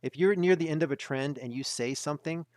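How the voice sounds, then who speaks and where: A man's voice: fairly high pitch, fast talker, darkish tone, no room sound, clean studio sound. A man hosting a market webinar, talking emphatically and repeating his points to drive them home. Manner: emphatic, repetitive, insistent.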